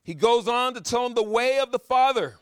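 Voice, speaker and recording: A man preaching a sermon, swinging between loud exhortation and quiet asides, driving his points home with repeated rhetorical questions. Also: very high voice, brisk, smooth, no echo, studio quality.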